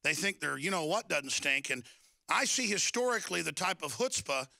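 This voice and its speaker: A man's voice: fairly high pitch, animated, moderate pace, creaky, bright, forceful tone, dry recording. A man hosting a talk radio interview, intense and agitated, rambling with restarts. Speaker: radio host.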